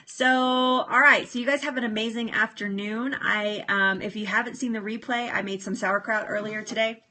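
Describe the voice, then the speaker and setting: A woman's voice: a little high, steady tone, normal speed, sharp tone. A woman hosting a casual live stream from home, chatting with viewers, reading their comments and laughing often, on a phone microphone. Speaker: livestream host. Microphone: phone or device mic, no external microphone.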